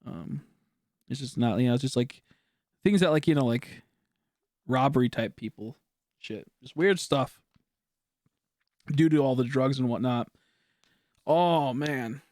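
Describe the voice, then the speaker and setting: A man's voice: mid-range voice, measured pace, long pauses, darkish tone, no room sound, clean studio sound. A man streaming, chatting casually with viewers in a rambling way, with lots of filler words and frequent swearing.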